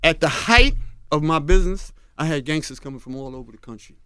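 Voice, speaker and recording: An older man from Harlem, unhurried and storytelling as a radio interview guest, often dropping to a low, confiding tone. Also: lively intonation, sharp tone, clear, resonant tone, no room sound, studio quality. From Harlem, New York. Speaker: guest, fashion designer. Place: radio studio. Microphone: studio mic.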